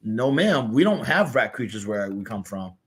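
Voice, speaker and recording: A man's voice: mid-range voice, very animated, normal speed, voice pushed down, lightly acted. A man with a Southern US accent voicing an earnest, good-natured little male cartoon hero telling a story.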